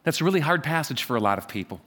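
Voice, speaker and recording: A man preaching a sermon from a church stage, emphatic and repetitive, swinging between loud stresses and quiet asides. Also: animated, very fast. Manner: emphatic, repeats phrases, wide swings in pitch and loudness. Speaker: pastor.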